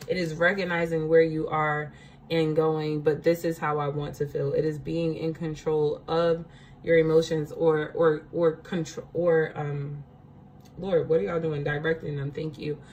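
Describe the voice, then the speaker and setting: A woman's voice: low voice, little pitch movement, measured pace, a little mellow, muffled recording, a little hiss or hum. A woman giving a casual spiritual card reading, chatty, laughing often and checking in with her listeners.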